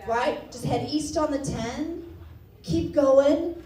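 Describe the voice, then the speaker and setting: A woman from Texas doing a stand-up comedy set, animated and self-mocking, breaking into laughter. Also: high-pitched, slow. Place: comedy club stage before a laughing audience. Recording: roomy club sound, distant mic, loud crowd.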